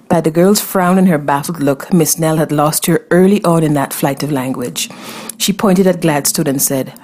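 A woman's voice: sits low, moderate pace. Wry woman narrating a fantasy tale. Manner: wry, expressive first-person telling. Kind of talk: audiobook narration of a fantasy story.

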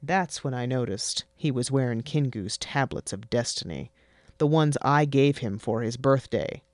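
A narrator reading a fantasy story in a wry, deadpan way. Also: medium pitch, normal speed, dry recording, clean studio sound. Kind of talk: scripted fiction narration.

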